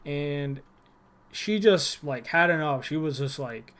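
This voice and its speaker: Young man, casual vlog rant, irritated and rambling, voice slightly higher than usual. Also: slow pace, a bit bright. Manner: rambling and irritated, many restarts and fillers. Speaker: former gym employee.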